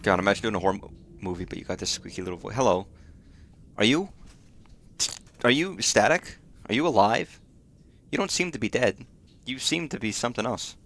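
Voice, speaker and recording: Male streamer, low register, talks to himself while playing, swears a lot, casual. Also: expressive, fairly quick, long pauses, fairly bright tone. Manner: swears freely, startled muttering to himself. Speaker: game streamer. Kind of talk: casual gameplay commentary.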